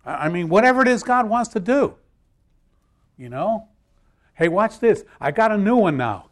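A man's voice: high-pitched, very animated, moderate pace, pauses often. A man preaching a sermon, emphatic and repeating key phrases, joking with his listeners. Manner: repetitive, emphatic, jokes with audience.

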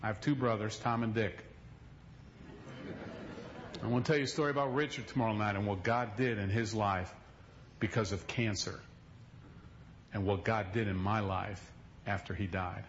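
A man's voice: lowish voice, steady tone, normal speed, long pauses, muffled recording, slight background noise. A male pastor preaching a sermon in a folksy, emphatic storytelling manner, recorded in a church.

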